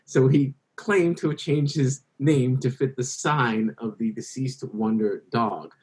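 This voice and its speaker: A man's voice: medium pitch, measured pace, darkish tone, poor audio. A man speaking as a guest author in an interview, telling anecdotes at length and correcting himself as he goes. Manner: rambling anecdotal, self-correcting. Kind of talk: conversational interview storytelling.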